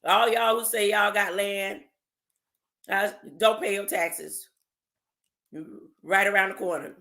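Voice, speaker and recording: A speaker preaching casually on a livestream, often asking "huh?" and reading documents aloud slowly with slangy asides. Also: mid-range voice, steady tone, bright, forceful tone. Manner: keeps asking "huh?" to the audience, slangy and emphatic. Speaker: religious commentator.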